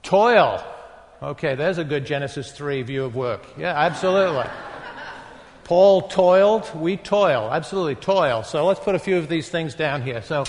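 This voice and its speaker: A man in his sixties with a northeast English accent, giving a talk to a live audience in a halting, conversational way. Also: a little high. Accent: northeast English, softened by decades in the US. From northeast England. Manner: conversational, halting, with many fillers and self-deprecating asides. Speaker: guest speaker at a retreat. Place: large hall with an audience. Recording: long reverb of a large hall.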